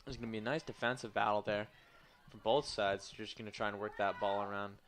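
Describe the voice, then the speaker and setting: A man's voice: fairly low pitch, little pitch movement, fast, noisy background. A young man doing live play-by-play for a college women's soccer game. He is a bit tired and mixes loose, joking asides into the call. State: tired, yawning. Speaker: play-by-play commentator. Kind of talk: live sports commentary.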